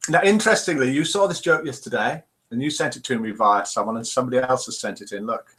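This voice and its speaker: A man's voice: mid-range voice, fast, fairly bright tone. A man hosting a live morning chat show, chatting playfully and reading out jokes and viewer scores. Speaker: host.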